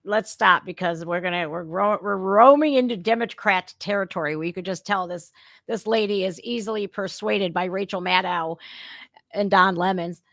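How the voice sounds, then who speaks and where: A woman's voice: mid-range voice, normal speed, a bit bright, no echo, studio quality. Blunt, heated woman host. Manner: blunt, swears freely, heated ranting. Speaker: reaction video host. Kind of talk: commenting on a played clip.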